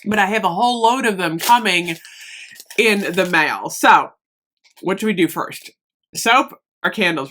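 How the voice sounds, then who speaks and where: Woman host of a casual haul vlog; chatty, rambling, quick to gush, pitch jumping all over. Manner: gushing, rambling, easily excited. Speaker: beauty and lifestyle vlogger.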